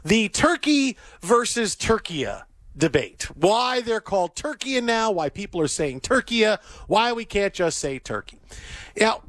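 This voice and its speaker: A man hosting a sports radio show from a studio, chatting casually with lively restarts and easy laughter. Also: high voice, measured pace, no echo. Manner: animated, stammering restarts, laughs easily.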